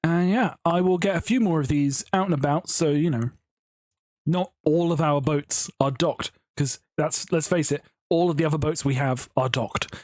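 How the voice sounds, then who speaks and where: At a normal speed, a man with a fairly high voice and darkish tone narrates his Minecraft build from home. The studio sound is clean and echo-free, and his YouTube commentary wanders through giggly, chatty stories.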